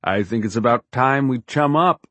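A man voicing a gruff, bossy male boat captain who barks blunt orders in an audiobook. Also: medium pitch, normal speed, a bit bright, no room sound, pitched above the performer's own voice, natural voice. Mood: commanding. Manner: barking orders, blunt and commanding.

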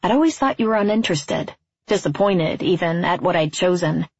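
A woman reading a literary story aloud as narrator, in a quiet, measured, wistful way, on a dull, dry recording. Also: lowish voice, animated, husky, no echo.

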